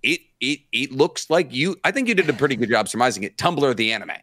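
Animated man on a podcast. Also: quick pace, no echo, clean studio sound. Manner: animated storytelling, acts out quotes in high voices. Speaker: podcast co-host. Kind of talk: casual podcast chat.

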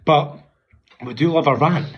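A man's voice: fairly high pitch, unhurried, lo-fi sound. A young Scottish man co-hosting a podcast, sweary and joking as he rambles. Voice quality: husky. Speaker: podcast co-host. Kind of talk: casual comedic chat.

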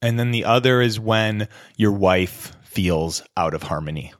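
Casual low-voiced man giving advice. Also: measured pace, no room sound, studio quality. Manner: casual, direct, coaching tone. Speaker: podcast host. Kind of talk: advice podcast monologue.

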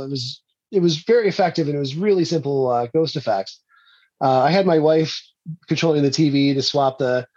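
A man's voice: fairly high pitch, darkish tone, dull audio. A man, an indie filmmaker, telling rambling stories in a casual interview and laughing often.

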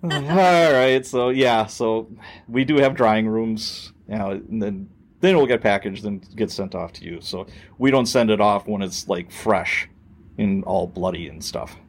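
Man telling a lively cop story. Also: on the low side, a little slow, slightly rough. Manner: animated storyteller who acts out quoted voices and swears. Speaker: podcast host, former police officer. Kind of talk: casual storytelling chat.

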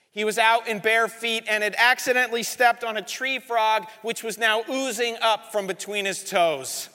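A man preaching a sermon as pastor, telling a lively story. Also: high voice, normal speed, hardly any pauses. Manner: storytelling, animated. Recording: reverberant church hall.

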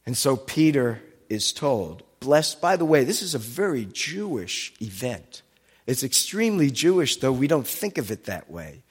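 A man's voice: mid-range voice, big pitch swings, unhurried, slightly rough. A man giving a sermon, teaching with asides and explaining Hebrew and Greek words. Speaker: pastor. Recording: long hall reverb.

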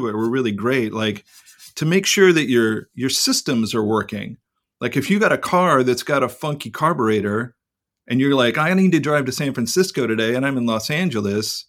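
A man's voice: mid-range voice, a bit bright. A man co-hosting a podcast in casual chat, rambling and reflective and swearing freely. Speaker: podcast co-host.

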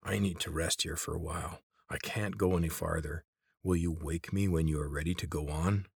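A man voicing a wary, weary grown male traveler in a storybook reading, talking low and guarded. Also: steady tone, moderate pace, creaky, slightly rough, no echo, studio quality, full character voice.

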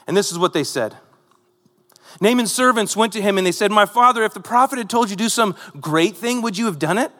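A man's voice: high voice, a bit bright, big-room sound. A man preaching a sermon, retelling a Bible story in a conversational way with rhetorical asides to the congregation. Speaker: pastor.

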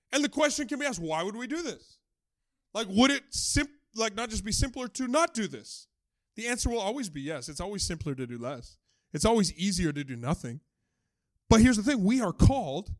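A man's voice: sits high, no echo. A male pastor preaching a casual, joking sermon, acting out voices as he tells stories. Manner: animated, joking, acts out quoted voices. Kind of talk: conversational sermon.

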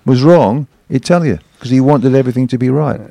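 A man recounting stories as a guest on a chat show. He acts out the people in them, and his voice jumps up whenever he imitates a shout. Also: mid-range voice, fairly quick, creaky, no room sound. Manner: animated storyteller, acts out shouted quotes. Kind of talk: anecdote telling.

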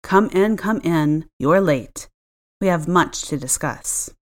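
Stern older housekeeper, clipped and tight, lowish voice, read by a woman. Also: animated, slow pace. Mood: brisk.

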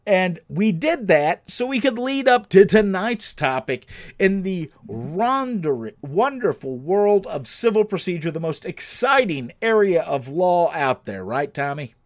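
Male podcast host, 30s, animated and profane, lively pitch. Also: measured pace. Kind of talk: casual chat. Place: home, livestream setup.

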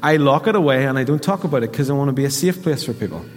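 A man's voice: mid-range voice, very fast. A man with a Northern Irish accent, a pastor preaching a sermon and telling a story while acting out the voices in it. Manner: storytelling, animated quoting of voices. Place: church hall. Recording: reverberant church hall.

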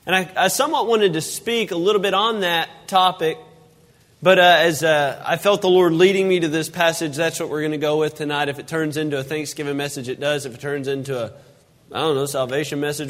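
A man's voice: fairly high pitch, a bit bright, big-room sound. A man preaching a casual sermon as pastor, telling a folksy story with restarts and asides in a church sanctuary.

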